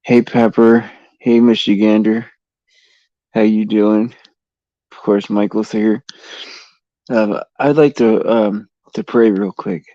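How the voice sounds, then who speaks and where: A man talks slowly and haltingly on his own faith stream, with a low, mellow voice. His words often stop and start over. The sound is dry and dull, like a cheap mic. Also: fairly even intonation, dry recording. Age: adult father of a son over eight. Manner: halting, repeats words, many fillers. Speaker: livestream host. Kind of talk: casual faith livestream chat and prayer.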